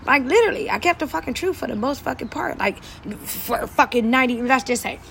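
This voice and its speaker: A woman vlogger delivering an angry, profane rant to camera, repeating phrases and swinging between loud outbursts and quieter asides. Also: high-pitched, expressive, brisk, creaky, slight background noise.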